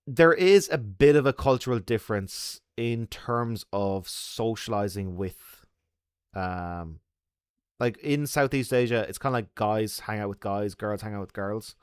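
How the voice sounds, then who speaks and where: A man's voice: mid-range voice, smooth, dry recording. An Irish man hosting a loose, casual chat with his viewers from a bar. He jokes and laughs easily as he talks. The sound is dry and close. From Ireland. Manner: chatty, joking, laughs often. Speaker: host.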